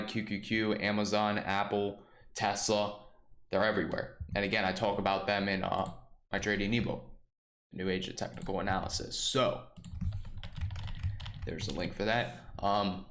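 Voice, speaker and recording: A man who is losing his voice from a sore throat, hosting a casual live stock trading stream and reading out price levels slowly. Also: lowish voice, reverberant, slight background noise. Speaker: stock trading livestream host. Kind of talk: casual live market commentary.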